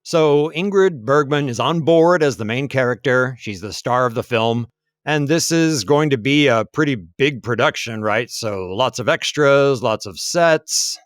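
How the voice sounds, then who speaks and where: A man co-hosts a history podcast in a loose, conversational way, thinking aloud with plenty of fillers. His voice sits at a middling pitch. It is recorded close and dry, with no room sound. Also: lively intonation, unhurried, no echo. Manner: conversational, musing, frequent fillers. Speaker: podcast co-host. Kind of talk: casual history podcast chat. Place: lives in Taiwan.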